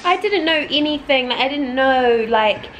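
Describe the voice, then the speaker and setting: Casting: chatty young woman, New Zealand accent, casual vlog co-host, quick to exclaim. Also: high voice, animated, over a noisy crowd, rough recording. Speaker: vlogger co-host. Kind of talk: casual chat.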